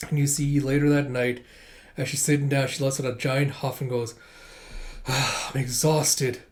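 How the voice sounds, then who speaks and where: A man's voice: mid-range voice, flat delivery, fairly quick, darkish tone. A man casually reading a manga chapter aloud and commenting on it, laughing readily. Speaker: manga reader and reactor. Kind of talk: casual read-along commentary.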